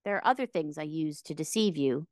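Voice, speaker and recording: A woman's voice: deep voice, lively intonation, a little fast, no echo, studio quality. A woman doing a meek little old wizard man. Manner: trembling, meek. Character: timid little bald old male humbug wizard.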